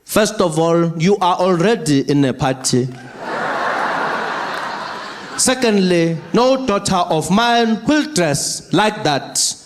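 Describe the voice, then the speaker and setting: A man voicing a stern middle-aged president scolding his daughter, slow and drawn-out. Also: sits high, animated, background noise.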